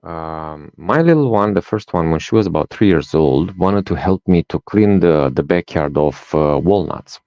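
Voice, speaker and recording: Guesting on a podcast as a life coach, a deep-voiced man from Romania, whose first language is Romanian, tells personal stories at normal speed with few pauses. He acts out dialogue lively and often ends lines with "right?". The sound is dull and dry.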